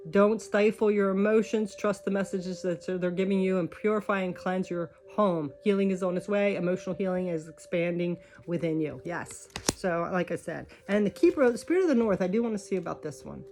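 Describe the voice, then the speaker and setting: A woman's voice: medium pitch, darkish tone, slight background noise. A woman reading oracle cards, chatty and encouraging, thinking aloud as she goes. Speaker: tarot card reader. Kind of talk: spiritual card reading. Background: faint music.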